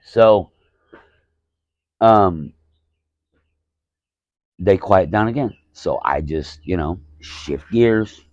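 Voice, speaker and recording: A man's voice: deep voice, expressive, very slow, pauses often, a little mellow, dry recording, muffled recording. A man, a stand-up comedian hosting his own podcast, telling a story in a rambling, profane way with many restarts and acted-out quotes. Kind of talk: casual storytelling monologue.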